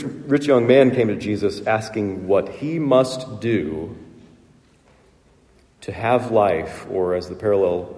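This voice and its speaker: A man's voice: fairly low pitch, warm tone, long reverb tail. A man preaching a sermon as pastor, earnest and emphatic, often asking rhetorical questions. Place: church sanctuary.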